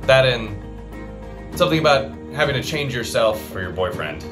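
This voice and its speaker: A man's voice: mid-range voice, expressive, normal speed, over music. A man hosting a scripted comedy sketch with an earnest, mock-sincere delivery.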